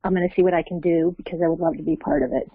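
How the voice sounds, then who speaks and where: A woman on a group video call, speaking quickly and enthusiastically. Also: fairly low pitch, expressive, creaky, no echo. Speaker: call participant. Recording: tinny phone-like call audio.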